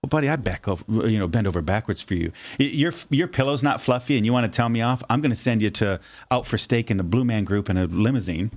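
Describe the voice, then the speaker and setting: Lively storytelling man, low voice. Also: fast talker, few pauses. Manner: animated storyteller, acts out voices. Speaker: podcast co-host. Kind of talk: casual Bible study chat.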